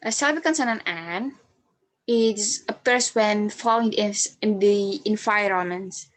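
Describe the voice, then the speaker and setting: Young woman, Indonesian native speaker, student presentation, slow unhurried delivery, halting with ums and restarts. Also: medium pitch. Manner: halting, with fillers, restarts and self-corrections. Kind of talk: class presentation on phonetics.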